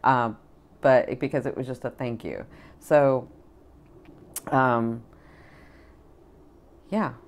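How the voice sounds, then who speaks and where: A woman with an unusually deep voice chats casually as a tarot reader. She is effusive and gushing, repeats herself and fills her talk with ums. She sounds middle-aged. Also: fairly even intonation, slow, long pauses. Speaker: spiritual advisor and tarot reader. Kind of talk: casual tarot chat to camera.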